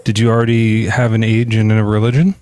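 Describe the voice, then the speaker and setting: A man hosting a live call-in podcast who chats in a relaxed, rambling way, with laughs and fillers. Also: fairly low pitch, a little fast, slight background noise. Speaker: podcast host. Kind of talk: casual live-stream chat.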